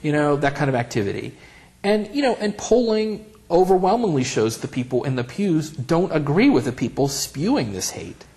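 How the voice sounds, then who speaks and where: Gravelly man telling wry stories. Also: a little high, normal speed. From Central Pennsylvania. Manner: wry, animated, acts out quotes when storytelling. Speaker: oral history interviewee. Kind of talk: candid conversational storytelling.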